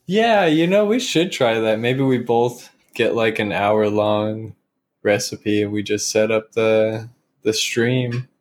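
A man's voice: fairly low pitch, slow. A young man co-hosting a casual podcast, laughing often between jokes. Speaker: podcast co-host. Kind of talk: casual chat.

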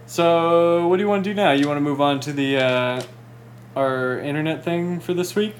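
A man's voice: a little high, moderate pace, a little hiss or hum. A man co-hosting a podcast in loose, rambling casual chat. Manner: loose and rambling, full of fillers. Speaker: podcast co-host.

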